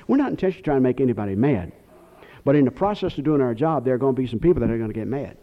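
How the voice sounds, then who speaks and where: A man's voice: mid-range voice, animated, fast talker. A man preaching a sermon, rambling off on tangents and then hammering his points hard. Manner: rambling, digressive preaching with sudden emphatic outbursts. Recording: dull lo-fi recording.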